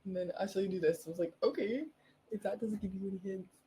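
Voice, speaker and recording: A woman's voice: mid-range voice, fast talker, warm tone, a little hiss or hum, low-quality recording. Bubbly rambling woman podcast host. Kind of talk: casual solo podcast chat.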